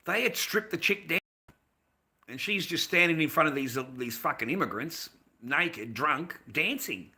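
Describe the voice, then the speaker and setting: An Australian man rants on a livestream in a rambling, swear-heavy way, swinging between muttering and loud bursts. His voice is very bright and cutting, set a little above the usual male pitch. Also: lively intonation, normal speed. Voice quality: profane, rambling, with swinging loudness. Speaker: livestreamer reading chat. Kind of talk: casual ranting monologue.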